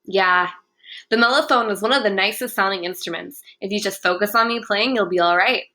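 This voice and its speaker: A woman's voice: mid-range voice, a little fast, bright, forceful tone, lightly acted. A woman voicing a confident, somewhat bossy teenage girl who plays in the band. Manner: reassuring, sing-song at times.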